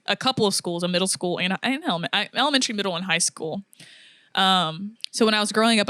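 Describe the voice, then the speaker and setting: A woman's voice: medium pitch, no room sound, clean studio sound. A young woman co-hosting a podcast, telling a story and acting out what people said, laughing often. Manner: animated storyteller, laughs often, acts out quotes. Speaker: podcast co-host. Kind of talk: casual chat, storytelling.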